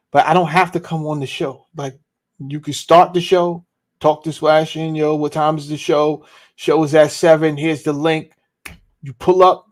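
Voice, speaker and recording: A man hosting a podcast livestream, talking in a relaxed, casual, slangy way. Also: on the high side. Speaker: podcast host.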